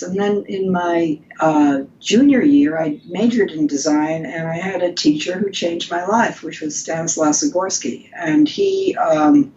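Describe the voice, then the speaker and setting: A woman's voice: on the low side, darkish tone, muffled recording, a little hiss or hum. An older woman, a designer from the United States, telling stories casually in an interview, with many restarts. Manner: chatty, anecdotal, frequent restarts. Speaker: guest designer.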